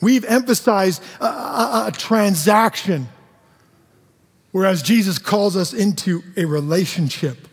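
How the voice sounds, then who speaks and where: A male pastor giving a sermon, earnest and sing-song, dropping to quiet emphasis. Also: sits high, unhurried, breathy edge. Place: church sanctuary. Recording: long hall reverb.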